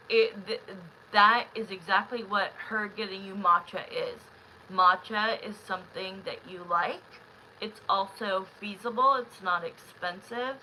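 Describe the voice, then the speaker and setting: A woman's voice: medium pitch, pushed and bright, a little hiss or hum, rough recording. A young woman doing tarot readings on a live stream, talking in a chatty, emotional way and often repeating herself. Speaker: tarot reader.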